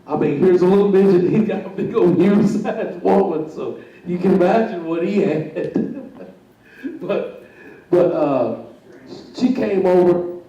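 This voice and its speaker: Speaking at a measured pace in a high, dark-toned voice, a man acts as guest storyteller, delivering a comic story on stage with chuckles, repetition and acted-out voices. The sound is muffled, very echoey and picked up far from the mic.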